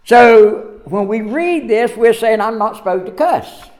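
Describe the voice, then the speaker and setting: A man's voice: sits high, animated, unhurried. A middle-aged man preaching a sermon, telling folksy stories with frequent laughter. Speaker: pastor.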